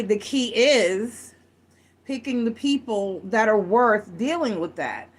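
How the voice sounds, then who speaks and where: A woman giving a casual tarot reading to camera, chatty and rambling, often correcting herself as she goes. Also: mid-range voice. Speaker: tarot reader.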